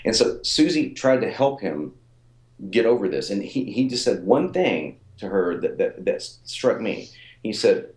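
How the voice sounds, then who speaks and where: Deep-voiced man in his forties, rambling. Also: very animated, a little slow, roomy sound. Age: 40s. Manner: rambling, repeats words, lots of fillers. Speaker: fitness author and coach. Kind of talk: casual interview storytelling.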